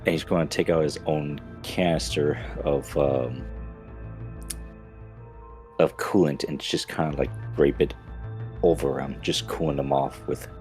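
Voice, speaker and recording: Very deep-voiced man playing a tabletop game. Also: fairly even intonation, measured pace, long pauses, a little mellow, soft background music. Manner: loose, filler-heavy description of actions. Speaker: player. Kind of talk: casual tabletop play.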